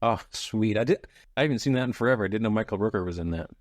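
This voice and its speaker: A man's voice: lowish voice, racing, no room sound, clean studio sound. Jokey man podcast co-host. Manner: jokey, laughs often. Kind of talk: casual book club chat.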